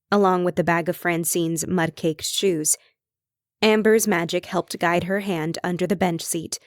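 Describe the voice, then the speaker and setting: A woman reading a cozy mystery audiobook in measured, even storytelling narration. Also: medium pitch, no room sound, clean studio sound. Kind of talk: scripted narration.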